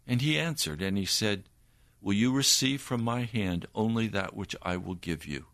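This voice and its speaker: An older man, a preacher, giving an earnest personal testimony in a slow storytelling manner. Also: fairly low pitch, fairly bright tone, no echo.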